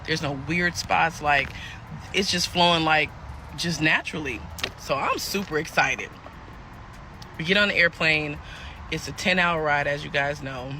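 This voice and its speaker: A woman tells a personal story in a casual storytime way. Her voice has a gravelly rasp and a bright, forceful tone. She talks straight to her viewers like they are friends. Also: low-pitched, a little slow, long pauses, a little hiss or hum.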